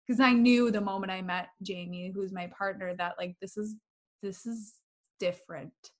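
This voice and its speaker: A woman's voice: mid-range voice, fairly even intonation, moderate pace. A woman talking candidly and emphatically in a casual spiritual chat, repeating phrases for effect.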